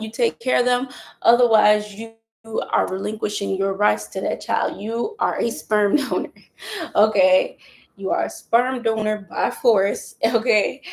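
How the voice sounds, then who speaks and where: A woman chatting to camera in a loose, candid way, venting and rambling from one point to the next. Her voice carries a gravelly fry underneath a mid-range pitch, and she sounds a little out of breath. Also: poor audio. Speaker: vlogger and mother. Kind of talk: casual chat to camera.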